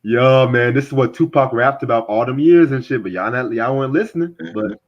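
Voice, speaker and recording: A man's voice: medium pitch, fairly quick, slight background noise. A young man hosting a casual podcast, talking bluntly with lots of swearing and frequent laughter. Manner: blunt, animated, laughs often, swears freely. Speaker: podcast host and music reviewer. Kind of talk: casual profane podcast chat. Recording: dull lo-fi recording.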